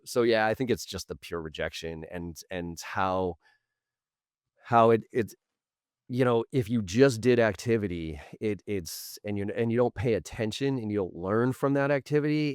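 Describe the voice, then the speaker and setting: A middle-aged man, a sales trainer and podcast guest, telling career stories in a casual interview, animated and full of restarts and acted-out quotes. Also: on the low side, moderate pace, clean tone, no room sound, studio quality.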